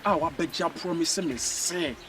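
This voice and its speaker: A young man with a Ghanaian accent, acting a lovesick suitor who pleads and rambles excitably in a comedy film. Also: fairly high pitch, moderate pace, background noise, lightly acted. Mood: complaining. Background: film music.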